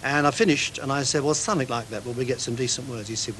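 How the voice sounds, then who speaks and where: A man's voice: mid-range voice, quick pace, a bit bright, slight background noise, rough recording. Man recalling jingle-writing days. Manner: storytelling, acts out dialogue and sings snippets. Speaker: jingle composer. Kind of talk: anecdotal interview recollection.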